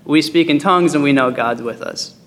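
A man leads a casual Bible study, reading verses and joking his way through them. His voice sits fairly high, and a long hall reverb trails each phrase. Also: a little fast, fairly bright tone. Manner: chatty and joking, with fillers. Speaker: Bible teacher.

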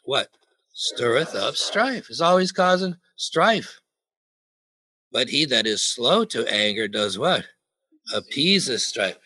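A man's voice: mid-range voice, creaky, pushed and bright, dry recording. A man preaching a sermon, joking and putting questions to the congregation. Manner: jokey, asks the congregation questions.

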